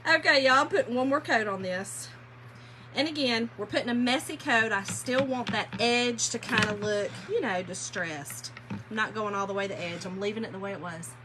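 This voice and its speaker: On a relaxed livestream, a woman paints furniture and chats with her audience, laughing through her stories and calling everyone "y'all." Her pitch is medium and her pace moderate. The sounds of sanding and rubbing in the workshop come through.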